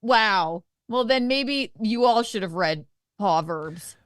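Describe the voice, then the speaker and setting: A woman's voice: mid-range voice, animated, takes it slowly, a bit bright, no echo, clean studio sound. A woman co-hosting a morning show, chiming in with teasing, sarcastic remarks. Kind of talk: casual chat.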